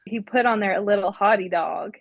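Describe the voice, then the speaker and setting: A woman, a fan guest, recalling a meeting in an excited, playful way. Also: mid-range voice, a little fast, gravelly, phone-quality sound, background noise. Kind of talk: casual interview recollection.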